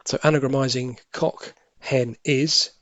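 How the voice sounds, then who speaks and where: A man talking his way through a crossword, pausing to mutter clues under his breath before explaining them. His voice sits in an ordinary middle register. It is recorded close and dry, with no room sound. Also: mid-range voice, steady tone, fairly bright tone, dry recording. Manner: musing, self-correcting, half-muttered asides. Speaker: crossword solving tutor. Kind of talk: thinking aloud while solving a crossword.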